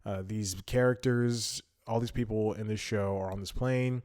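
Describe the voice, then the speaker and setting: A man's voice: fairly low pitch, moderate pace. A young man hosting a solo comedy podcast, telling a rambling story and often laughing mid-sentence, livening up when he acts out what people said. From Atlanta, United States. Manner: animated when acting out quotes. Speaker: podcast host.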